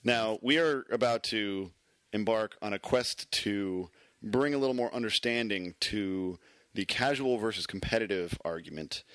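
Low-voiced joking podcast host, a man. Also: fairly bright tone, dry recording. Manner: jokey, rambling, laughs often. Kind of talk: casual podcast chat.

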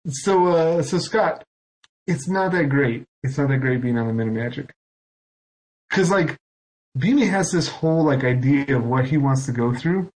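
Male co-host, mid pitch with a lively melody, teasing and quick to laugh. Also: poor audio. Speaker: podcast co-host. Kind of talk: casual podcast chat.

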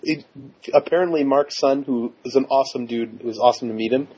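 A man's voice: mid-range voice, fast talker, a little mellow. A man co-hosting a podcast, chiming in with enthusiastic remarks. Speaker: podcast co-host. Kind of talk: casual chat. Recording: muffled lo-fi podcast audio.

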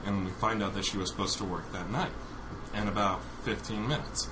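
A man's voice: lowish voice, animated, unhurried. A man casually telling a funny story on a podcast, laughing often as he goes. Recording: noisy recording.

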